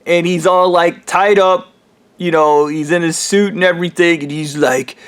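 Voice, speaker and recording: A man's voice: a little high, steady tone, normal speed, smooth. A man casually improvising a story for a show idea, rambling with many fillers and restarts. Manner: rambling, laughing, frequent fillers.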